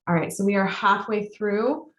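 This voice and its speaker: A woman facilitator leading a group through a guided release exercise, speaking calmly and repeating her prompts with pauses. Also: medium pitch. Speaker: workshop facilitator and coach. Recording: echoey room sound.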